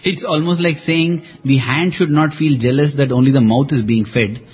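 A man's voice: mid-range voice, fairly even intonation, moderate pace, husky, highs cut off. A man, thoughtfully adding to a discussion with analogies. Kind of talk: reflective discussion.

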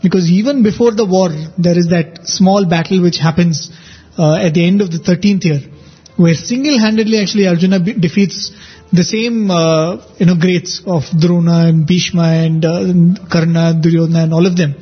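A man with a high, husky voice tells stories quickly, stumbling over fillers and restarts. The recording is dull and lo-fi. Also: faint music behind. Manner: quick, hesitant with many fillers. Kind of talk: casual chat, recounting anecdotes.

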